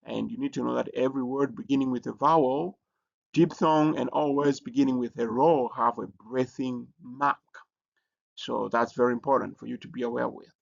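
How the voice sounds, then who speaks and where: Gravelly man teaching with halting delivery. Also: medium pitch, fairly even intonation. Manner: halting, many fillers and restarts. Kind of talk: recorded lesson presentation. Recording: dull lo-fi recording.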